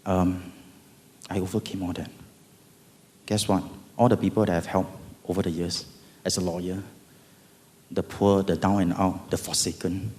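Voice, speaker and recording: Casting: low-voiced Singaporean man, middle-aged, storytelling testimony, booming hall reverb. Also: moderate pace, long pauses. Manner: animated, dramatic, bursts of loud emphasis. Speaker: speaker giving testimony. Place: event hall.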